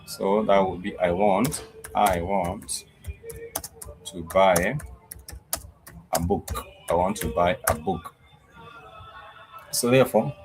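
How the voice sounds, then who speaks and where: A man teaching a live-streamed language class, talking slowly, repeating words and spelling them out letter by letter, with frequent "uh" pauses. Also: lowish voice, a little hiss or hum, poor audio. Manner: frequent "uh" fillers. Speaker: Swahili teacher.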